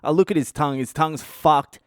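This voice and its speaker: An Australian man in his thirties, a comedian telling wild personal stories in a profane, animated way. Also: fairly high pitch, brisk, clean tone, no echo, studio quality. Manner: profane, animated, breaks into laughter. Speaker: comedian podcast host. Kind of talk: comic personal storytelling.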